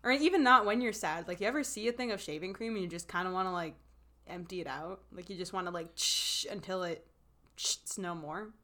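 A woman's voice: mid-range voice, fast talker, bright, forceful tone. A woman co-hosting a casual chat, giggling often and rambling with lots of "like". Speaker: podcast co-host.

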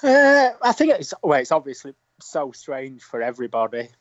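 A man's voice: fairly high pitch, wildly swooping pitch, moderate pace, no room sound, muffled recording. A man with a Yorkshire accent, a guest talking easily and at length over a remote call. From Yorkshire, England. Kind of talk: casual interview.

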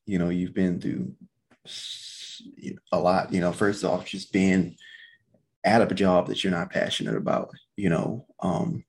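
A man hosting a casual interview, speaking haltingly with many fillers. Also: low voice, expressive, gravelly, breathy edge. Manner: halting, filler-heavy, encouraging. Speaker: podcast host.

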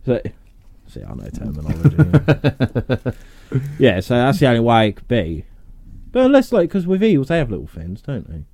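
A man's voice: medium pitch, huge pitch swings, normal speed, long pauses, a little mellow, no echo. A man hosting a podcast, chatting casually, reading out facts and joking and swearing between laughs. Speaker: podcast host.

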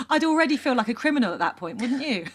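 Woman, high bouncy voice, podcast co-host, chatty, sympathetic. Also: big pitch swings, husky. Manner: chatty, sympathetic, quick to laugh. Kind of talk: casual chat reacting to a story.

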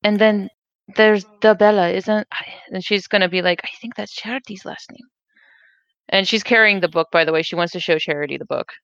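Chatty woman player, smooth voice, slightly dull muffled sound. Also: medium pitch, steady tone, brisk, fairly bright tone, no echo. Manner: chatty, self-correcting. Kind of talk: casual tabletop play.

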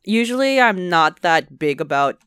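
A woman's voice: on the low side, sing-song, moderate pace, fairly bright tone, smooth, no echo, clean studio sound. A young woman co-hosting a casual gaming chat, easygoing and laughing along. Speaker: podcast co-host. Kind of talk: casual chat about video games.

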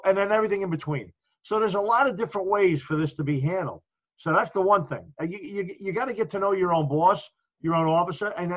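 A man's voice: sits high, a bit bright, highs cut off. A man co-hosting a casual podcast about the fire service, talking earnestly and acting out orders he gives to his crews.

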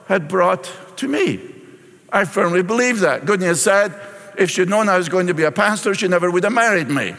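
Higher-voiced pastor preaching. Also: male voice, a bit bright. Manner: expository preaching, reading scripture aloud and explaining it. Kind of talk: sermon. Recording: long reverb in a large hall.

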